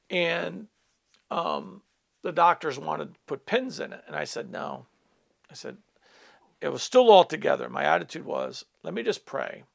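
A middle-aged male pastor tells a personal testimony to listeners in an earnest storytelling manner. His fairly high voice is heavily gravelly and swings widely up and down as he speaks. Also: fairly bright tone. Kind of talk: personal testimony in a teaching talk.

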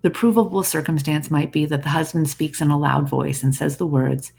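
Speaking fairly quickly at medium pitch, a podcast host works through a scripted self-help episode, calm and reflective, often addressing the listener. The voice is husky rather than clean, with a gravelly fry.

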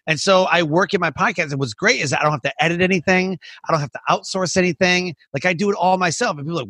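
A man who runs a podcast talks in a loose, rambling flow, stringing thoughts together with "like" and restarts. His voice is bright, somewhat high and husky. The recording is dry and close. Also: quick pace, few pauses, dry recording. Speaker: podcast host and coach. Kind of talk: casual interview chat.

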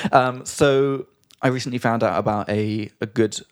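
A man hosting a podcast in casual chat, animated and laughing as he tells stories. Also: mid-range voice, unhurried, clear, resonant tone. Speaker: podcast host.

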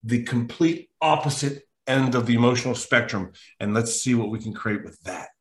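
A man, a mental toughness coach, telling an animated story as a podcast guest, emphatic and acting out the quotes. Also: medium pitch, moderate pace, reverberant. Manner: lively, emphatic, acts out quotes.

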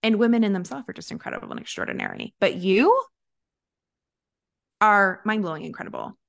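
A woman business coach talking casually and warmly to her audience, laughing often and using many fillers and restarts. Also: medium pitch, wildly swooping pitch, brisk, gravelly. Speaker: business coach and podcast host. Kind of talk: casual motivational talk to an audience.

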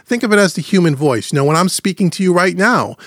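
Male podcast host, slightly high voice, chatty explainer, dry close studio mic. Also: animated, fairly bright tone, dry recording. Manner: chatty, explanatory, slows down to stress points. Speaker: podcast host teaching audio mixing. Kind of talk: casual podcast teaching. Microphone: studio microphone through gentle compression.

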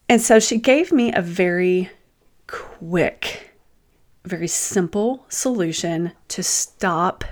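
A woman hosting her own show, sharing a personal story in a thoughtful, candid monologue. She pauses and restarts her sentences, with self-deprecating asides. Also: on the low side. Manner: thoughtful, unhurried, often pausing and restarting. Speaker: host sharing personal experiences.

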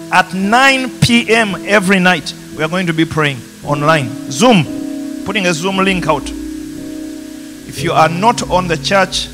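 A pastor with a Ugandan accent preaching a passionate sermon in a church, rising to emphatic peaks. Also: male voice, a little high, vocal fry. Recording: music playing behind.

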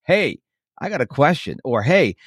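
A man co-hosting a podcast in casual chat, rambling and joking at his own expense, often breaking into lively, animated bursts. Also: fairly high pitch, moderate pace, slightly rough, no room sound, studio quality. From Texas. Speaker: podcast co-host.

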